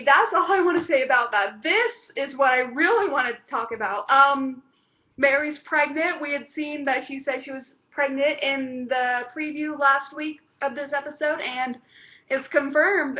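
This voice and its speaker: High-voiced rambling woman reviewer. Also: muffled recording. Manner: rambling, with many fillers and restarts. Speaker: TV episode reviewer. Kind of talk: casual chat.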